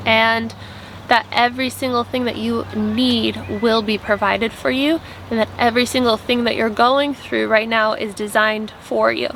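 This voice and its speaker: A woman's voice: a little high, fairly even intonation, normal speed, fairly bright tone, a little hiss or hum. A young woman vlogging casually from a tent at a campsite, earnest and rambling, full of "like" fillers. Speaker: vlogger and app founder. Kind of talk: casual spiritual vlog chat.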